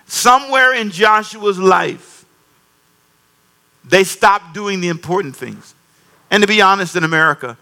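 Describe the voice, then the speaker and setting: Emphatic preaching man, bright voice. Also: high voice. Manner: emphatic, repeats phrases, calls on the congregation. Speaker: pastor. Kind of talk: sermon.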